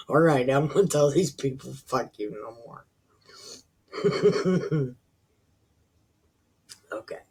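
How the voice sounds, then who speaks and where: A woman hosting a Bible reading channel, reading scripture aloud slowly and breaking in with profane, sarcastic asides. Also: sits low, slightly rough.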